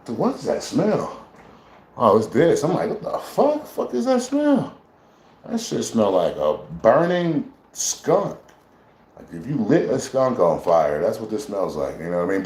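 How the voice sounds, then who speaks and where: A man's voice: fairly low pitch, a little mellow, slight background noise. A man chatting casually on a live stream, brash, profane and rambling as he talks to his viewers. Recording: roomy echo.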